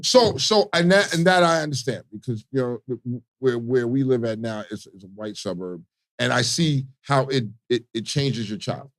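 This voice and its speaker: On a morning radio show, this Baltimore co-host speaks at a moderate pace in an animated, mid-range voice. His talk is casual and full of profanity, peppered with "you know what I mean."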